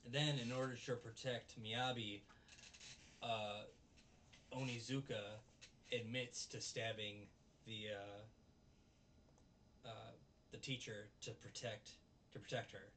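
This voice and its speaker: A man excitedly recapping anime episodes in a casual, rambling review, now and then acting out lines in goofy voices. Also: on the low side, far from the mic, a little hiss or hum. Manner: enthusiastic, rambling, acts out quotes in goofy voices.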